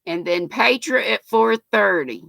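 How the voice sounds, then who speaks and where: A woman's voice: mid-range voice, animated, measured pace, creaky, fairly bright tone, dry recording. An older woman with a North Carolina accent, hosting a livestream in a chatty, folksy way and reading viewer comments aloud. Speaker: livestream host reading chat. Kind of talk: casual chat.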